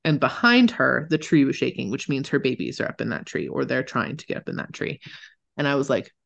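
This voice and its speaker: Chatty, animated woman telling stories. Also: very deep voice, brisk, vocal fry, highs cut off. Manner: animated, chatty, swears casually, laughs often. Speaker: podcast co-host. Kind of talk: casual storytelling chat.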